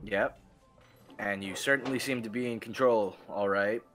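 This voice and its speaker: An actor playing a caring, perceptive male coworker who talks gently with a teasing edge. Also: on the low side, fairly even intonation, normal speed, soft background music, natural voice. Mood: concerned. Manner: gentle, teasing, hesitant fillers.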